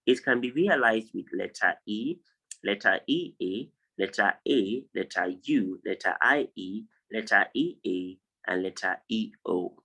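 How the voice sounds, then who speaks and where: A man teaching an online phonology lesson on a video call, drilling each word slowly and insistently correcting pronunciation. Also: lowish voice, expressive, pushed and bright, poor audio. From Nigeria. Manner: drills words, repeating them slowly for students. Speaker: English tutor.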